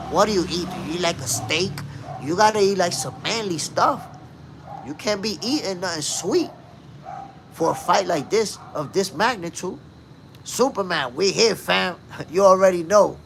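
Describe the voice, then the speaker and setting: A man hosting a casual live boxing talk stream, speaking emphatically and shouting out viewers in the chat. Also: high-pitched, creaky, noisy background. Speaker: boxing show host.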